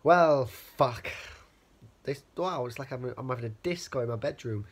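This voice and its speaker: A man's voice: mid-range voice, normal speed, husky. A young man, a student with a cold, chatting and rambling casually in his bedroom in a student house, swearing freely as he talks to the camera. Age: young adult. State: has a cold. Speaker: student vlogger. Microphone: camera held while talking.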